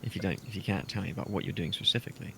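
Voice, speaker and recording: A man's voice: deep voice, rapid-fire, gravelly, fairly bright tone, breathy edge. A man playing a tabletop game, asking hesitant, probing questions in character. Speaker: player.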